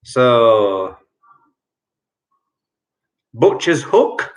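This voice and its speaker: Slow, lively-voiced man hosting a quiz. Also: mid-range voice. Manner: slow, repeats each clue several times; explains answers in a chatty, jokey way. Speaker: quiz host. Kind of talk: hosting an online quiz night. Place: at home during lockdown.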